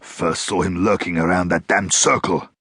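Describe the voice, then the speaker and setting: A man's voice: deep voice, fairly even intonation, normal speed, husky, no room sound, studio quality, heavily acted. A man voicing a tense stranded crewman who snaps his lines. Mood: snappish. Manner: sharp, snapping.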